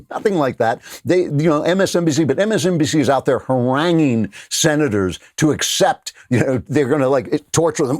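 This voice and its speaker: A man's voice: mid-range voice, expressive, a little fast, hardly any pauses, a little mellow, no room sound, studio quality. A man in his sixties hosting a political commentary show, mocking his targets with frequent laughs and emphatic repetition. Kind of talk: opinionated commentary monologue.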